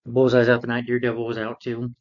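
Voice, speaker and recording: A man's voice: mid-range voice, monotone, quick pace. A man recapping a film plot in a casual, rambling way, with many fillers and restarts. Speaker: film reviewer. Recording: dull lo-fi sound.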